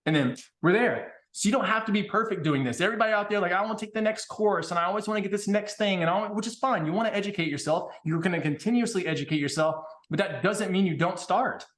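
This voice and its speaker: A man in casual podcast conversation, blunt and animated, swearing freely as he tells stories. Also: high voice, fast talker, few pauses. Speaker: podcast guest.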